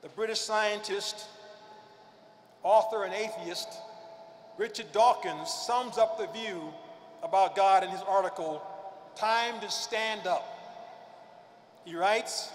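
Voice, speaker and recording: A man giving a prepared religious speech at a convention, speaking emphatically and slowing down to stress key phrases. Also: sits high, slight background noise. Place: large convention hall. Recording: echoey hall with long reverb.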